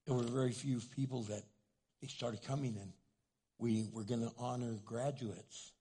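An older man, a pastor preaching a sermon, who talks loud and animated and acts out little quotes. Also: medium pitch, moderate pace, breathy edge.

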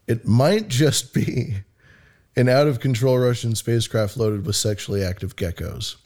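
A man's voice: medium pitch, normal speed, darkish tone. A man hosting a podcast in casual chat, reading a news story aloud with jokes and plenty of swearing. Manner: jokey, swears freely, laughs often. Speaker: podcast host.

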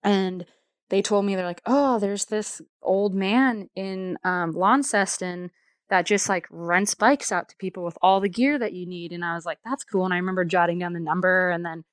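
A woman's voice: lowish voice, normal speed, dry recording, clean studio sound. A woman telling a travel story in a casual, chatty way, full of fillers and laughter.

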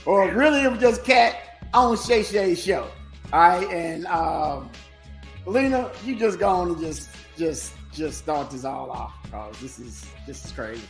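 A man's voice: fairly high pitch, measured pace, gravelly, soft background music. A man co-hosting a podcast, laid-back as he steers the talk. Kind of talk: casual chat.

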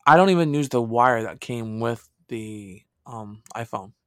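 A man's voice: mid-range voice, expressive, unhurried, a bit bright, smooth, no room sound, clean studio sound. A man co-hosting a casual podcast, laid-back and hesitant, with lots of fillers. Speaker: podcast co-host.

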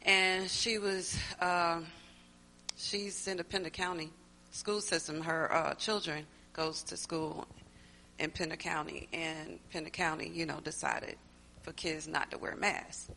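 A woman from a church group sharing a story about a client, speaking thoughtfully with hesitant pauses. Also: low-pitched, flat delivery, vocal fry, sharp tone, slight background noise, rough recording. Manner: slow, thoughtful, hesitant with fillers. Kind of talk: casual spoken testimony.

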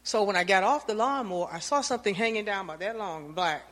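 A woman telling a lively, anecdotal testimony to her church, acting out the lines she and others said. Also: medium pitch, fast talker, hardly any pauses, long reverb tail. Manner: lively storyteller, acts out her own lines. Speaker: church member giving testimony.

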